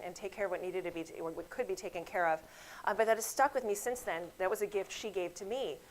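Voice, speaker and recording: Speaking in a lowish voice, a female doctor delivers grand rounds, spinning lively clinic anecdotes, voicing the people she quotes, and talking straight to the audience. The audio is rough, with slight background noise.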